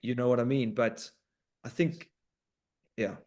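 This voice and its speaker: A man hosting a podcast in casual chat, animated and informal, with sweary banter. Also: medium pitch, unhurried. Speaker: podcast host.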